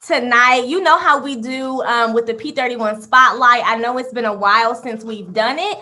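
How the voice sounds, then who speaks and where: A woman co-hosting a faith-based podcast with a high, bright voice. She sounds upbeat and encouraging and leans toward preaching. Her delivery is warm toward the guest without slowing down. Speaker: podcast co-host.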